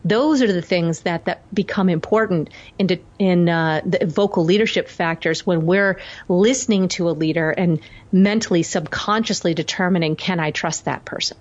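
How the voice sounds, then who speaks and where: A woman's voice: lowish voice, moderate pace, few pauses. Guest: woman vocal coach, emphatic and encouraging, muffled lo-fi sound. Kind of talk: interview talk. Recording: dull lo-fi audio.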